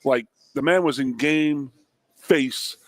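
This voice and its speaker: Animated storytelling radio host, dry sound. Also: male voice, mid-range voice, takes it slowly, no room sound. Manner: animated storyteller, fillers and repeated words. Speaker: co-host, former offensive lineman. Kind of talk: casual sports radio chat. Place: radio broadcast from a restaurant.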